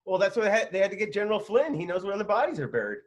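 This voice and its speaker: A man co-hosting a political talk show who chimes in with quick interjections. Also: sits high, big pitch swings.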